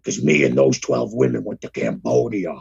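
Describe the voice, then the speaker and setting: A man doing an impression of a boastful older ex-wrestler turned governor, in a very deep, gravelly growl, rambling through tall tales. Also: sing-song, moderate pace, darkish tone, dull audio, exaggerated voice.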